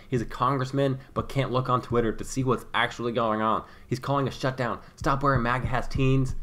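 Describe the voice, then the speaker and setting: Male vlogger, mocking commentary over clips, average pitch, dry sarcasm. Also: fairly bright tone.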